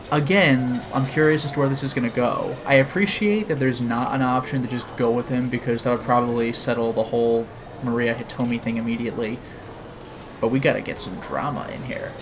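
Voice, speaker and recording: A streamer with a mid-range voice reads a visual novel aloud as the narrator on a livestream, adding commentary, chatting with viewers and laughing often. The background is noisy.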